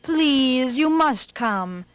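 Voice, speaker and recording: A woman's voice: high-pitched, expressive, very slow, dry recording, pitched above the performer's own voice, exaggerated voice. A woman voicing a gullible, hungry male tiger in a storybook game, pleading and earnest.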